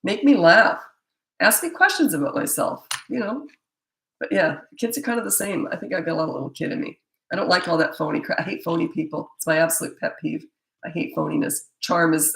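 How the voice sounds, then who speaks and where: Blunt woman with a gravelly voice. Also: low-pitched. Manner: blunt, emphatic, opinionated. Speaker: parenting coach. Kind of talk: answering viewer questions. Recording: echoey room.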